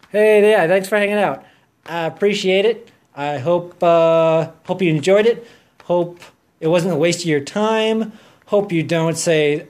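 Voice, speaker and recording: Speaking a little slowly in a fairly high voice, a man hosts his own podcast solo. His casual chat is hyper, goofy and rambling.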